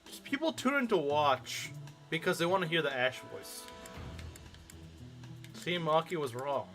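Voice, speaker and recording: Lively-pitched male streamer arguing with chat. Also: a little slow, faint music behind. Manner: argumentative, answering chat comments. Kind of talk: casual game-stream chat.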